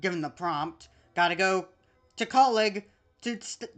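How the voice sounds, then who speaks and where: A woman's voice: medium pitch, measured pace. A woman streaming a video game, reading the on-screen text aloud in a casual, chatty way with small asides.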